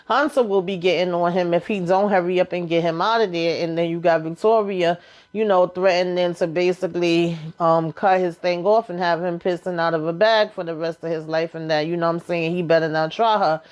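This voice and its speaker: A woman's voice: fairly low pitch, fairly even intonation, a little fast, clear, resonant tone, lo-fi sound. A woman giving a casual, colloquial recap of a TV episode, chatty and telling it like a story. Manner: chatty, colloquial storytelling, acting out characters' lines. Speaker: TV recap vlogger.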